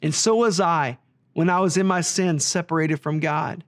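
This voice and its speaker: A man's voice: on the high side, steady tone, moderate pace. A man who leads a ministry, giving an earnest gospel message straight to the viewer and repeating key phrases for emphasis. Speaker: ministry leader.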